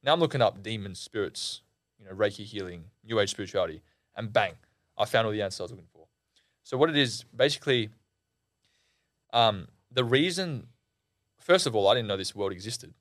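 A young man, a podcast guest, telling a story in a casual, animated and slangy way, full of "like" and "bro". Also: fairly low pitch, fairly quick, no room sound, clean studio sound. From Australia.

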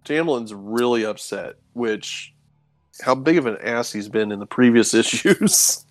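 A man co-hosting a casual chat, recapping a comic's plot in a relaxed storytelling way. He paraphrases the characters in quick asides and laughs easily. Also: medium pitch, no room sound. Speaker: comic book podcast co-host.

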